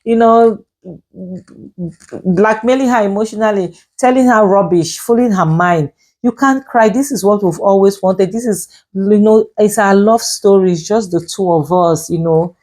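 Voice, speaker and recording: A woman with a medium-pitched, slightly mellow voice reviews a drama series at a moderate pace. Her opinionated commentary is emphatic and scolding, full of "you know" fillers.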